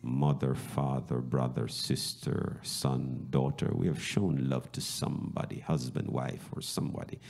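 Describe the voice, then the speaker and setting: A man preaching a sermon as a bishop, asking rhetorical questions and swinging from hushed whispers to loud, high exclamations. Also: little pitch movement, creaky, husky. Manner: slow, deliberate delivery with rhetorical questions.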